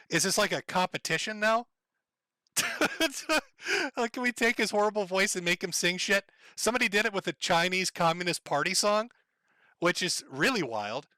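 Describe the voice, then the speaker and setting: Man, Minnesota accent, livestream host, casual rambling chat, swears a lot, chuckles, fairly high voice, dry close sound. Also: pushed and bright, dry recording.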